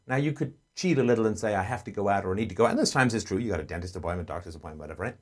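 A man hosting a call-in advice show, earnestly explaining and acting out gentle parent dialogue. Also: on the low side, animated, rapid-fire, few pauses.

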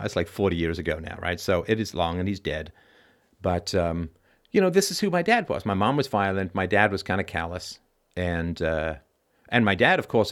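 A middle-aged man hosting a call-in show, talking bluntly and emphatically, swearing freely and tagging "right?" onto his points. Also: on the low side. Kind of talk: conversational call-in monologue.

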